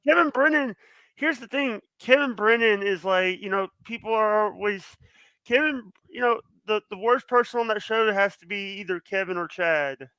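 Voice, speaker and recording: A man's voice: high voice, normal speed, bright, forceful tone, clear, resonant tone, no echo, low-quality recording. A man talking as a podcast guest, nervous and stuttering, with many restarts. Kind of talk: casual chat.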